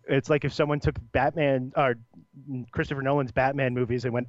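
A young man co-hosting a podcast in casual chat, rambling and animated, laughing often. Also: medium pitch, brisk, no room sound, lo-fi sound. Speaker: podcast co-host.

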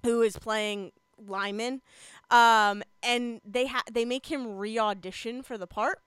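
A young woman chatting casually on a podcast, talkative and quick to laugh, with many fillers. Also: a little high, steady tone, a bit bright, smooth, dry recording. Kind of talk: casual chat about TV shows.

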